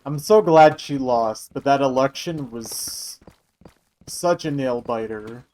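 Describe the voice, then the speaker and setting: A man's voice: mid-range voice, slow, a little mellow, rough recording. Young male streamer; loose, joking live chat with viewers in a middle register. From Michigan, USA. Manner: chatty, joking, answering chat.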